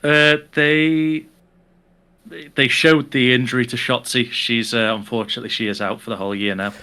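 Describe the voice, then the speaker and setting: A man co-hosting an unscripted wrestling podcast, chatting in a relaxed way and running a quiz for his co-host. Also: medium pitch, moderate pace, clear, resonant tone. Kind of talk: casual unscripted chat.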